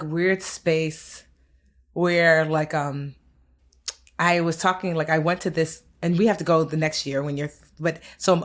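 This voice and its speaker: A woman co-hosting a podcast in casual chat with an American accent, talking candidly and a bit wearily about the year. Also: sits low. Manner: candid, tired, reflective. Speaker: podcast co-host.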